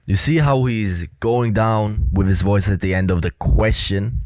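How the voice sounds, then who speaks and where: A man's voice: fairly low pitch, fairly even intonation, a little slow, a little mellow, dry recording. A young man giving casual commentary as a body language coach, earnest, with many fillers. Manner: earnest, repetitive, filler-heavy explaining.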